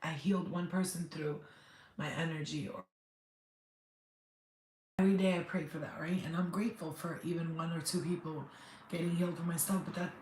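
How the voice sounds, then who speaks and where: Crying lady healer rambling to her live viewers, lowish voice, echoey room. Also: steady tone, brisk, pauses often, a little mellow. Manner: tearful, rambling, talks straight to viewers. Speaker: spiritual healer streaming live. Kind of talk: emotional live-stream chat. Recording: echoey room, faint background noise.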